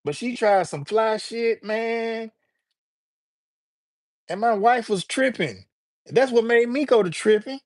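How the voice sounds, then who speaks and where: With a very high voice, a slow pace, and frequent pauses, a man hosts a live stream recorded without echo. He banters loosely with his viewers, joking and slinging slang as he reacts to the chat.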